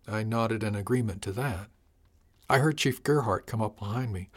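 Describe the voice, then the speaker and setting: A man reading a first-person story aloud in a steady, measured storytelling manner. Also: on the low side. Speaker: audiobook narrator. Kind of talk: first-person scripted narration.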